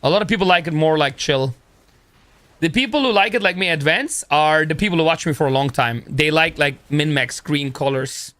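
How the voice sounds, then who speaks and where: A young man, talking in a loose, rambling, slangy way with plenty of "bro", pitched somewhat high for a man. His voice is close to the mic and dry, with no room sound. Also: fairly quick, a bit bright, no echo. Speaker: streamer. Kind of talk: casual live-stream chat.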